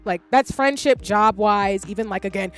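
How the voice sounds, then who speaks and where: A woman's voice: mid-range voice, normal speed. A woman in her thirties chats casually on her stream with a rambling, candid delivery. She swears freely as she goes off on long tangents, with faint music under her voice. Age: 30s. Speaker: livestreamer.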